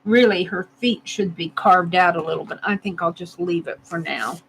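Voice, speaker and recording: A woman's voice: on the low side, moderate pace, a bit bright, slight background noise, rough recording. A woman narrating casually as she carves a stamp, thinking aloud and laughing at herself. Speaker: art vlogger. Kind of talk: casual narration while crafting.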